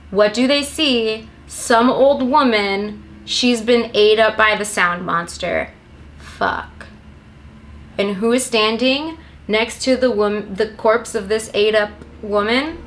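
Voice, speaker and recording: Bright-voiced sarcastic woman ranting. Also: medium pitch, a little hiss or hum. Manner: rambling, sarcastic, swears constantly. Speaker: movie recap comedian. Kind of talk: profane comedic plot recap.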